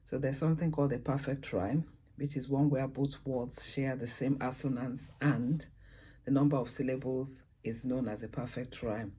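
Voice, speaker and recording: A man with a husky, slightly breathy voice talks beginners through poetry rhymes. His tone is dark and mellow, and he is unhurried, stopping to hunt for words and spelling letters out one by one. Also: medium pitch. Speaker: poetry tutor. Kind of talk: casual beginner tutorial.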